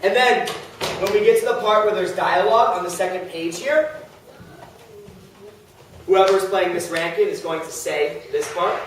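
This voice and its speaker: A man leads his class with brisk, directive instructions, his voice sitting high for a man. He sounds far from the mic, and the classroom echoes heavily around him. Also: slight background noise. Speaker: teacher.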